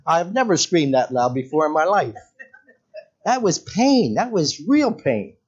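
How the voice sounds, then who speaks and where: A man preaches a sermon to a church congregation, speaking slowly with a pitch that swings up and down a lot. He keeps turning to the listeners with questions, and the church recording sounds a little dull and lo-fi. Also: sing-song, slightly rough. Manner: conversational, asks the congregation questions. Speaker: pastor.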